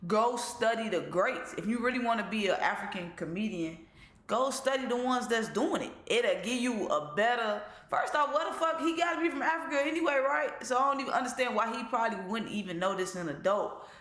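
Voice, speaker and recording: Bright, slangy male reaction host. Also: very high-pitched, expressive, brisk, roomy sound. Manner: laid-back, slangy, chatty. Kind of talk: casual commentary.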